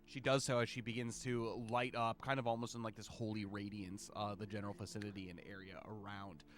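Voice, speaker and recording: Bright-voiced male game master. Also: on the low side, level tone, brisk. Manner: rambling, many fillers. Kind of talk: narrating a tabletop game.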